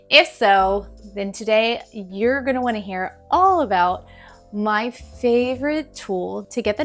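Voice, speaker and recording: Chatty woman teacher, higher voice. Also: fairly bright tone. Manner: chatty, encouraging, repeats for emphasis. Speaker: teacher giving classroom tips. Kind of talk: casual advice to camera. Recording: faint background music.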